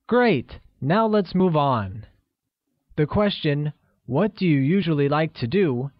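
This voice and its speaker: A man narrates a scripted language lesson at an unhurried, deliberate pace, laying out each phrase for learners. His voice sits a bit high. The recording is dry and somewhat dull, like a lo-fi voice-over. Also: animated, no room sound. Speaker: language teacher.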